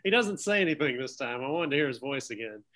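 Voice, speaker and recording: A man's voice: mid-range voice, lively intonation, quick pace, fairly bright tone. A man casually recapping a cartoon episode with friends, laughing often as he talks. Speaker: podcast co-host. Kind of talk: casual chat.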